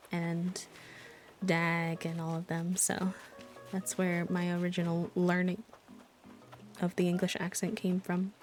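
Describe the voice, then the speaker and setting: A young woman with a Midwestern American accent, chatting casually as a streamer while playing and reading chat. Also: fairly low pitch. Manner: chatty, thinking aloud.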